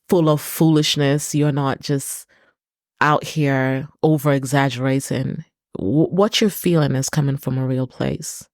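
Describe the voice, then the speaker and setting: A woman's voice: rumbling low, steady tone, a little slow, no echo, studio quality. A woman hosting her own podcast, speaking earnestly in a personal, reflective monologue and repeating words for emphasis. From Britain. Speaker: podcast host.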